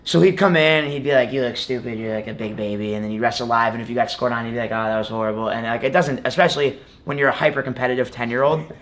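Talking very fast, this young man has a medium-pitched, fairly bright voice. He's a college wrestler appearing as an interview guest, chatting casually and rambling with constant "like" and "you know."

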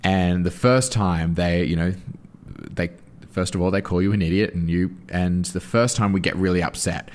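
A man's voice: deep voice, moderate pace. A young man being interviewed as a guest, talking animatedly about his anti-bullying school show, often restarting his sentences. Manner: animated storytelling with frequent restarts. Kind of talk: interview answer.

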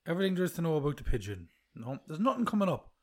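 A man's voice: fairly high pitch, sing-song, very fast. Laughing, swearing young man. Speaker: podcast co-host. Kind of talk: casual podcast chat.

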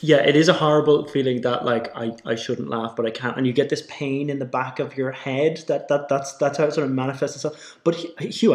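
A man's voice: medium pitch, reverberant. A man chatting casually, who often chimes in with agreement. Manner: frequent agreeing "yeah"s. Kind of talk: casual chat.

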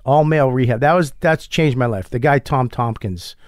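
A middle-aged man, a comedian guest, telling a story in casual chat with profane, animated bursts. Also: medium pitch, moderate pace, no echo, clean studio sound.

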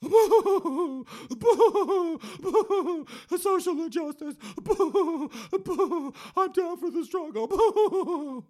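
Shrill, squealing young woman protester shouting boos, put on by a man. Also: animated, extremely slow, few pauses, heavily acted. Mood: hysterical. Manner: shrieking slogans.

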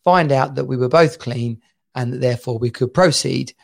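A man's voice: mid-range voice, normal speed, gravelly. A man in his forties from England, co-hosting a casual chat and telling stories animatedly with frequent laughter. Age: 40s. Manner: animated storytelling, laughs a lot. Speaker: podcast co-host.

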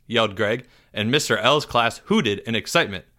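A man reading a children's story aloud, expressive and dropping softer in tense moments. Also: medium pitch, normal speed. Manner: expressive, drops softer for suspense. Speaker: narrator.

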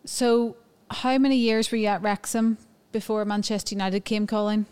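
A woman's voice: medium pitch, fairly even intonation, moderate pace, a little mellow, smooth. A woman hosting a podcast interview, asking short friendly questions in a casual style. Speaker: podcast host.

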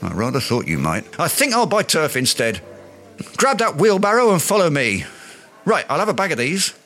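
Guy doing a pompous blowhard, radio sitcom, big flowery words, voice sits a bit high. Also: wildly swooping pitch, moderate pace, a bit bright, faint music behind, full character voice. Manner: grandiloquent, long-winded, flowery words. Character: pompous self-important English man.

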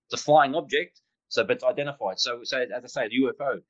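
A man tells his story in a casual, excitable rush, stumbling over restarts and throwing in little sound effects as he goes. His voice sits at an ordinary middle pitch. The recording sounds dull and lo-fi. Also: fast talker. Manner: animated, rambling, with sound effects. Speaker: guest pilot recounting a sighting.

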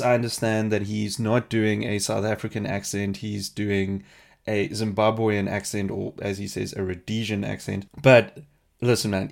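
A man hosting a casual question-and-answer podcast, chatty and animated, laughing often. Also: fairly low pitch. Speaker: podcast host.

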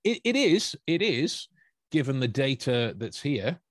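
A man with a mid-pitched voice co-hosts a casual podcast, pausing and restarting often. The recording is dry and close, with no room sound. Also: sing-song, no room sound. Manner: hesitant, many fillers and restarts. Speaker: podcast co-host. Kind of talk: casual chat.

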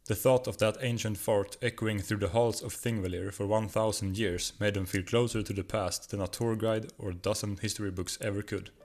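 A man with a Swedish accent, a guest reader narrating a comic short story with a steady reading. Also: fairly low pitch, brisk, hardly any pauses.

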